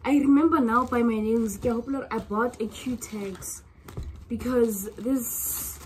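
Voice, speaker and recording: Her voice on the high side, a young South African vlogger addresses her audience casually in a South African accent. She's gushing and expressive, alternating soft musing with loud excitement and drawling her words slowly, while a little hiss or hum runs underneath.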